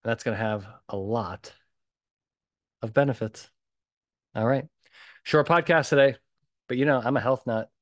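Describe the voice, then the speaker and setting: A man's voice: medium pitch, measured pace, long pauses, no room sound. Man, podcast host, blunt, emphatic, repetitive, dry close sound. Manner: emphatic and animated. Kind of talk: solo podcast talk.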